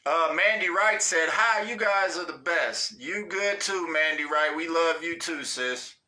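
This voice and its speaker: Guy on a livestream reading chat comments, slow and easygoing, really bright sharp tone, swears a lot, keeps cracking up. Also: on the high side. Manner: laid-back, slangy and profane, cracking up often.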